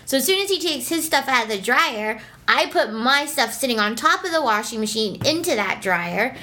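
A young woman spins an exasperated story in casual chat, animated and quick to swear. Her voice sits a little high and rings bright and forceful.

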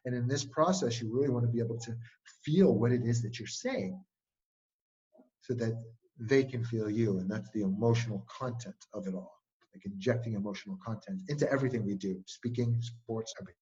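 Speaking a little fast in a medium-pitched voice, with the highs cut off, a speaking coach chats casually as an interview guest. His stories are energetic and riddled with "like" fillers.

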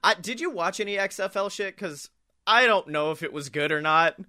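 A young man co-hosting a casual chat show, joking, swearing and slipping into quick impressions. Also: high voice, sharp tone. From Alabama, US. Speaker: podcast co-host.

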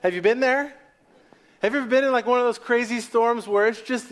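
A man preaching a sermon, telling stories and dropping to quiet asides. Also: extremely high pitch, steady tone, fast.

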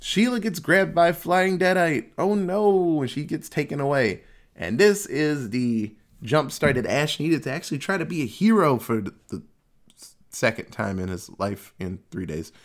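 A man's voice: on the high side, expressive, normal speed. A man casually recapping a movie plot in a loose, jokey way, swearing freely.

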